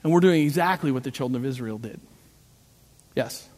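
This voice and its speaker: A man's voice: mid-range voice, brisk. A middle-aged man preaching a sermon, telling stories and acting out voices with self-deprecating jokes. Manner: animated storytelling, acting out voices, self-joking. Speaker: pastor. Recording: long hall reverb.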